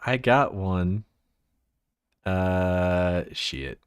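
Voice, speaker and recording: On his livestream, a Central Texas man shows his avatar model, talking in an unhurried, animated, low voice. He curses casually, laughs frequently and tinkers with his setup mid-chat. The audio is dry and studio quality.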